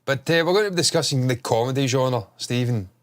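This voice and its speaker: A man's voice: medium pitch, fairly quick, noisy background. A man with a stuffed-up nose, hosting a casual chat stream, rambling and swearing casually. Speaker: host.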